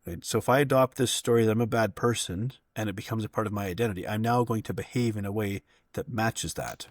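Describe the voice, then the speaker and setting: A man's voice: on the low side, fast, no room sound, clean studio sound. A man who works as a coach, explaining ideas in an interview and often checking in with "right?". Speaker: coach, podcast guest.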